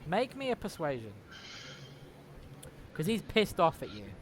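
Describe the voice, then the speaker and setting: A man's voice: a little high, huge pitch swings, a little slow, slight background noise. A man narrating as game master in a tabletop game, casual and swearing freely.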